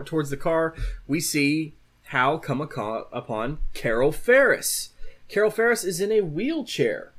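Man casually recapping a comic book. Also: fairly high pitch. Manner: loose retelling with fillers and restarts. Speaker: podcast host.

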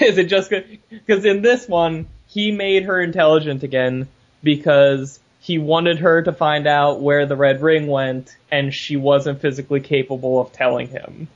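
A man co-hosting a podcast in casual chat, blunt and laughing often. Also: a little high. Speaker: podcast co-host. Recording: dull lo-fi podcast audio.

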